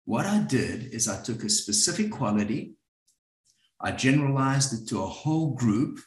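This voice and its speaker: A middle-aged man facilitating a group, telling a personal story in a reflective, halting way with many filler words. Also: mid-range voice, very animated. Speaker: workshop facilitator. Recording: roomy echo.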